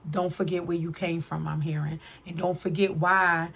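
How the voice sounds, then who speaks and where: Woman card reader with a slightly low voice, relaxed, chatty vlog delivery that is peppered with "right?". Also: normal speed, vocal fry, breathy edge. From New York City. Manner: chatty, keeps asking "right?". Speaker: tarot reader. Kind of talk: casual spiritual card reading.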